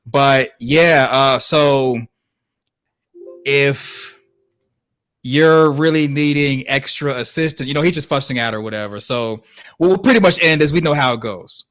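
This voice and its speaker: A man's voice: mid-range voice, measured pace, a bit bright, no room sound. A man co-hosting a podcast, giving laid-back, wry commentary on a clip with plenty of fillers. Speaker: podcast co-host. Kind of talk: casual commentary.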